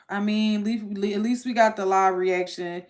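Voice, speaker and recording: A young woman hosting a casual livestream, ranting to her chat in an exasperated way. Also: mid-range voice. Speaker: livestream host.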